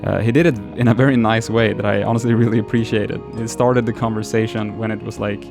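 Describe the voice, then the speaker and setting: Man, low voice, casual story time, rambling, lots of restarts, casual swearing, camera mic, guitar music behind. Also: flat delivery, fast talker, vocal fry. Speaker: vlogger telling a story.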